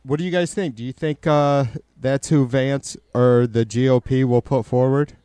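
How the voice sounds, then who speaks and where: A man's voice: mid-range voice, steady tone, moderate pace, dark tone, smooth, no echo. A man live-streaming casual political commentary, swearing a lot and rambling with many restarts as he answers his chat. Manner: profane, rambling with frequent restarts.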